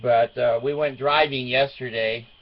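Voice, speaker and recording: A man's voice: medium pitch, fairly even intonation, a little slow. A middle-aged father telling a family story as a casual monologue, wry and joking, chuckling as he goes. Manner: wry and joking, chuckles through his stories. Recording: dull lo-fi recording.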